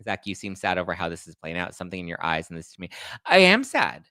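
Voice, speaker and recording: A man's voice: sits low, level tone, racing, bright, forceful tone, no room sound. A man hosting a casual commentary show, reading legal documents and viewer chat aloud and reacting with heated, indignant, swearing rants. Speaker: host.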